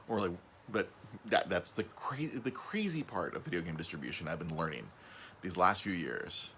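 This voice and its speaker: A man hosting a casual podcast, rambling, stumbling over and repeating his words, his voice jumping up when he gets excited. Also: sits low, normal speed, slight background noise. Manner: excitable, voice jumps up on emphasis. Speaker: podcast host.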